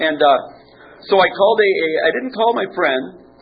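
A man's voice: high voice, expressive, normal speed. A man telling his recovery story at a meeting in a rambling, self-mocking way, with false starts and chuckles. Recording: muffled, faint hiss.

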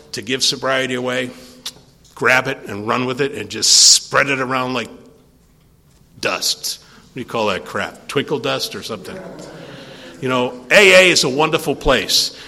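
An older man speaking at a recovery meeting, telling a rambling, animated story and acting out the conversations in it. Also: mid-range voice. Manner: rambling, animated storyteller who acts out dialogue. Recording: long hall reverb.

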